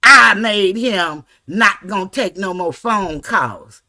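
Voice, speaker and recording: A woman's voice: mid-range voice, slow, sharp tone. A woman, hosting a livestream and ranting angrily with heavy profanity. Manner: angry, profane, confrontational. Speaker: livestream host.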